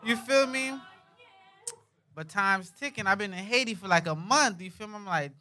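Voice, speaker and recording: High bright-voiced young man telling a funny story. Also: normal speed, slight background noise. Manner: slangy, animated, keeps asking "you feel me". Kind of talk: comedic storytelling at an open mic.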